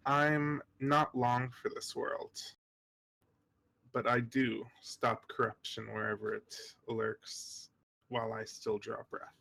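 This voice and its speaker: A man voicing an aging male dwarf, weary but resolute, who speaks slowly and solemnly. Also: medium pitch, level tone, gravelly, pushed and bright, dry recording, exaggerated voice.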